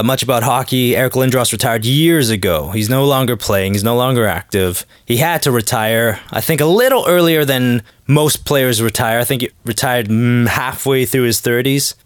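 A man's voice: medium pitch, moderate pace, no echo, studio quality. A man hosting a podcast, rambling in a joking, casual monologue and acting out quotes in little voices. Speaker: podcast host.

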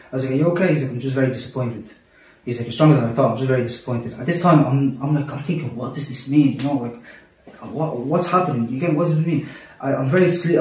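A man tells a gripping personal story at a rapid clip, circling back on his words and peppering them with Arabic religious phrases. His voice bounces around an echoey room and sits some distance from the mic. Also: mid-range voice, a little mellow. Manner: intense, repetitive, sprinkles Arabic religious phrases. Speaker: guest telling a personal story. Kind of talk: casual podcast storytelling.

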